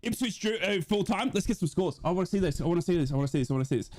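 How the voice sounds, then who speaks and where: A man runs a live stream in a loose, matey way, talking straight to his viewers. His voice sits high for a man. He jumps from easy chatter to excited shouts. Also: racing. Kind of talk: casual live-stream chat.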